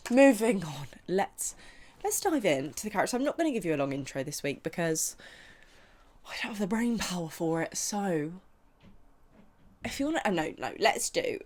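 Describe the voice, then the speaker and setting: A young woman with a low-pitched voice chats loosely into her podcast mic. She rants bluntly, with plenty of slang and animated swings between loud outbursts and muttered asides. She sounds loose and chatty after a boozy brunch. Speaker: podcast host. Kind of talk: casual chat.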